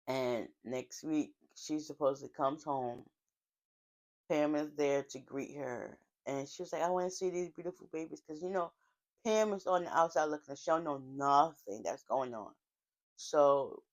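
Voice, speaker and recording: A woman casually recapping a TV drama episode in a chatty, heartfelt storytelling way, with frequent fillers and asides. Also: deep voice. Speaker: TV show recapper.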